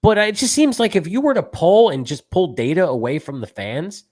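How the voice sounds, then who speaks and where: A man co-hosting a sports talk show, talking fast and emotionally as a self-described fan. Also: high voice, expressive, darkish tone.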